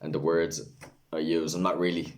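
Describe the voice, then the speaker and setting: A man's voice: a bass voice, flat delivery, normal speed. A young man with a Dublin accent, talking candidly and rambling in casual vlog chat, swearing freely. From Ireland. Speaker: vlogger, English language teacher.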